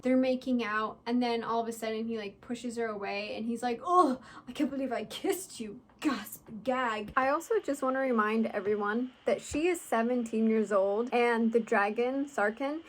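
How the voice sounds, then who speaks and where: A woman's voice: fairly high pitch, steady tone, moderate pace, hardly any pauses. A young woman giving a casual, blunt book review, sarcastic and full of swearing and "like" fillers, acting out characters' lines as she retells scenes. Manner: mimics characters' voices when retelling scenes.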